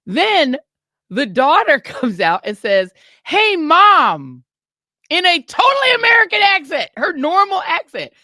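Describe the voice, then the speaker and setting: Animated woman telling a story. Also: very high-pitched, normal speed, no echo, clean studio sound. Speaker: podcast co-host. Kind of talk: casual storytelling chat.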